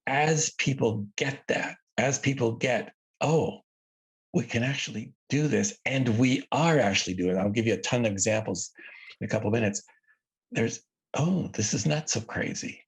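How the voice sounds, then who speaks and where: His medium-pitched voice carries a breathy edge at normal speed as he answers, emotional, in a casual interview conversation, earnest and reflective and doubling up words for emphasis. He's at home near a lawn that sits by the ocean.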